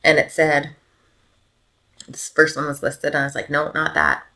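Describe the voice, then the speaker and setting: Low gravelly woman telling a hard story. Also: flat delivery, moderate pace, bright, forceful tone. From Canada. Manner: emotional, many "like" fillers, drops to near whispers. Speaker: podcast guest, mother. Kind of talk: casual storytelling interview.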